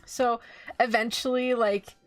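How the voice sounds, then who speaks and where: A woman streaming live, casually recapping an anime, animated and swearing freely as she acts out quick quotes. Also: fairly high pitch, dry recording, faint music behind. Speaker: VTuber streamer.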